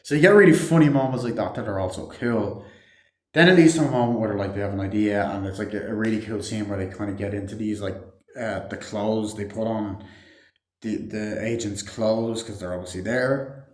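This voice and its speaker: A man's voice: fairly low pitch, fairly quick. A man giving a casual, rambling movie review full of fillers and swearing. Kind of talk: casual spoken film review. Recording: echoey room.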